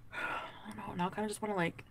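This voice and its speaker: A woman's voice: medium pitch, vocal fry, fairly bright tone. Giggly rambling woman livestreaming. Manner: giggly, rambling, talks while eating. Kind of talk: casual livestream chat.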